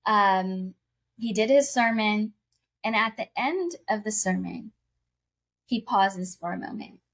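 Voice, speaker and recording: A woman's voice: medium pitch, animated, slow. A woman guest on a podcast, telling a heartfelt personal faith story in an earnest, casual way, often using fillers such as "you know" and "like.".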